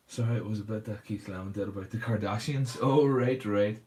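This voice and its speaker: A man's voice: fairly low pitch, normal speed, a little mellow. A man hosting a casual livestream, chatting and answering viewers' comments while he paints a model.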